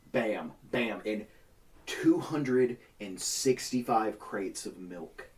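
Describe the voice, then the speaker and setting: Profane man telling an animated story. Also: mid-range voice, recorded from a distance. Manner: profane, animated, acts out quoted people. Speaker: podcast co-host. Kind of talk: casual storytelling among friends.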